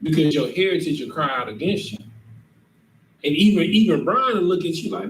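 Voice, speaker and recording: Man teaching a scripture class, emphatic, keeps checking in, slightly high voice, echoey room, distant mic, faint noise. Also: a little fast, a bit bright. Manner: emphatic, keeps asking "you understand?". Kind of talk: interactive scripture lesson.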